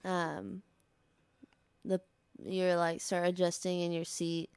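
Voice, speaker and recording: A woman with a low, gravelly yet smooth voice hosts a comedy podcast. She rambles through an improvised story, filling it with "like"s. The sound is dry and close. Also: little pitch movement, slow pace, darkish tone, dry recording. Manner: rambling, heavy use of "like".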